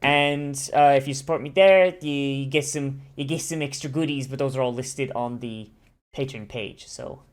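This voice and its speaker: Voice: mid-range voice, normal speed. Profane, rambling anime reaction host. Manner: profane, enthusiastic, rambling with many restarts. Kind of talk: casual watch-along commentary.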